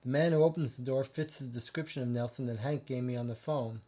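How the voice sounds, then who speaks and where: A man's voice: medium pitch, fast, dark tone, natural voice. A man voicing a pushy hardboiled private eye narrating in first person in a detective game. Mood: brash.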